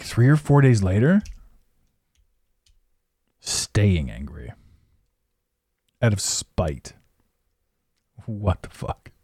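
A man delivers a casual podcast rant, blunt and profane, laughing now and then. His voice swings widely in pitch as he hammers his points home. The sound is dry, with no room echo. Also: a little mellow. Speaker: podcast host. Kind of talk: casual ranting monologue.

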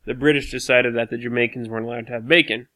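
A young podcast co-host with a bright, forward tone. He spins absurd stories with a straight face, then breaks into laughter. Relaxed banter between friends. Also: mid-range voice, quick pace. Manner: deadpan tall tales, laughing. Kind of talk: casual joking banter.

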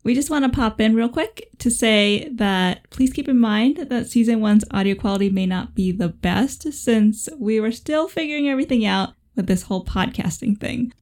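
A woman's voice: a little high, normal speed, hardly any pauses, darkish tone, no echo. A woman co-hosting a podcast, chatting casually with laid-back, playful banter. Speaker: podcast co-host.

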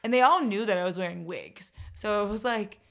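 A woman who teaches third grade reading, telling stories in a casual conversation with an upbeat, animated manner. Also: medium pitch, fairly quick, creaky.

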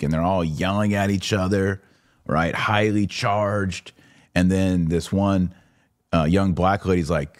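A middle-aged man hosting a podcast, walking through a series of images with wry, sarcastic commentary and quick put-on voices for the people in them. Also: deep voice, no echo, clean studio sound. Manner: wry, sarcastic, acts out quoted figures. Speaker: podcast host.

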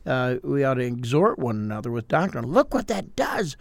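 A man's voice: medium pitch, normal speed, creaky, no room sound. An older man, a pastor co-hosting a podcast, explaining in casual chat and acting out quotes. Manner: explains with acted-out quotes, animated.

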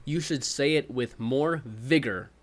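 A man's voice: medium pitch, unhurried, a little hiss or hum. Man chatting casually on a podcast. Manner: thoughtful, self-correcting, reads quotes aloud. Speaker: podcast co-host. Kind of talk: casual chat.

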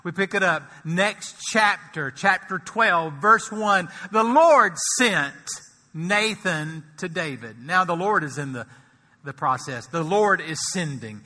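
A man preaching with a very bright, ringing voice and a slightly high pitch. He swings between hushed, slowed passages and loud climaxes, and a long hall reverb trails after him. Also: animated. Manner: swells from soft and slow to loud and high for emphasis. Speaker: pastor. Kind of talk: sermon.

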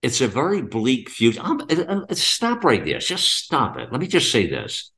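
A middle-aged podcast host delivers a rambling commentary monologue, repeating himself and leaning on fillers and rhetorical questions. His mid-range voice swings wildly in pitch at a moderate pace, sounding pushed and bright.

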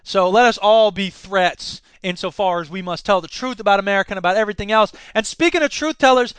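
A man's voice: sits high, fast talker, a bit bright, clean tone, dry recording. A man hosting a solo podcast, rambling and self-mocking in a casual chat. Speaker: podcast host.

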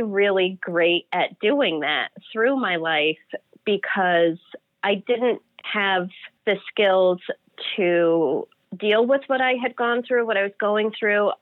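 A woman's voice: medium pitch, slow, no echo. A woman telling an emotional personal story as an interview guest. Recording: dry phone-like audio.

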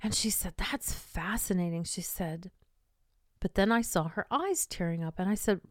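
Speaking at normal speed in a fairly low voice, an older podcast host shares a personal story full of feeling. At tender points she sinks into a whisper. The sound is clean studio audio with no room sound.

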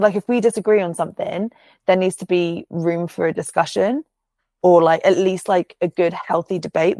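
A woman's voice: on the low side, gravelly, a little mellow, dry recording. A woman, co-hosting a podcast in casual chat, swearing freely and laughing often as she tells stories. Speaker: podcast co-host.

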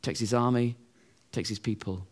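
A man's voice: mid-range voice, fairly even intonation, moderate pace. A middle-aged man preaching a sermon in a conversational way, acting out the voices of other people.

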